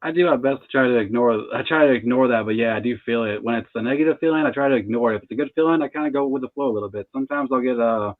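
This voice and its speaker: A tarot reader in his thirties talks in a relaxed, casual interview chat, laughing between thoughts. His medium-pitched voice comes very fast with few pauses and no echo, over a tinny, phone-like line.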